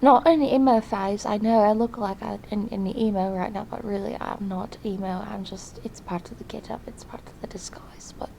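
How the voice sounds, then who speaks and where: A young woman playing an earnest, lonely diarist in a video diary, speaking hesitantly and softly, often slipping into whispers. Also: mid-range voice, steady tone, moderate pace, creaky, hardly any pauses, slight background noise, close to an everyday voice, poor audio. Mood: confiding. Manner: hesitant and soft-spoken, drifting into whispers. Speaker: diary vlogger character. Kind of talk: in-character diary vlog.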